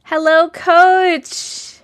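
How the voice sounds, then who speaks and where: A woman's voice: very high voice, level tone, drawn-out words. A woman from Long Island hosting a casual TikTok live chat, greeting viewers by name and catching up with them. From Long Island, New York. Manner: chatty, greets viewers by name with rising lilt.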